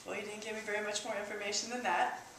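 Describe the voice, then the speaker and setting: A woman sharing a personal testimony at church, in a halting, emotional way with many restarts. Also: mid-range voice, little pitch movement, a bit bright. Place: church hall. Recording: echoey hall, distant mic, faint hiss.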